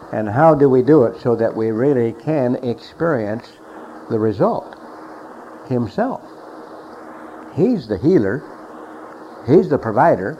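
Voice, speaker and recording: A middle-aged man preaching a sermon emphatically, repeating phrases and swinging between loud and quiet. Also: medium pitch. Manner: emphatic, repeats phrases, rises and drops in volume. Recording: dull lo-fi recording with faint hiss.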